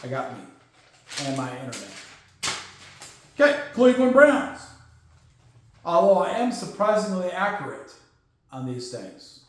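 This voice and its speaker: Male sports host, blunt and sarcastic, high voice, recorded in a very echoey room. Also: sing-song, a little slow, pauses often. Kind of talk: casual football news commentary.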